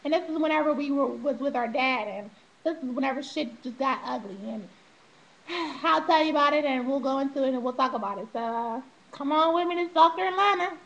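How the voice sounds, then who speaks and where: A woman's voice: sits high, fairly quick, creaky, poor audio. A young woman telling her life story on a vlog, swearing freely, laughing often and acting out what people said. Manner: animated, profane, laughs often, acts out quotes.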